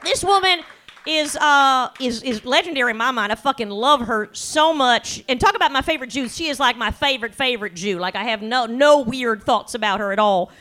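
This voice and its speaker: A woman hosting a comedy show, chatting crudely and excitably with her guests on stage. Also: fairly high pitch, fairly quick. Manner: crude, excitable, loud bursts. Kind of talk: casual comedic chat with guests. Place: small comedy venue with live audience.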